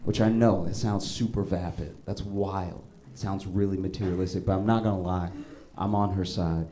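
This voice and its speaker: A male stand-up comedian telling stories in a conversational way, breaking into animated, high-pitched rants. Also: normal speed. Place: comedy stage.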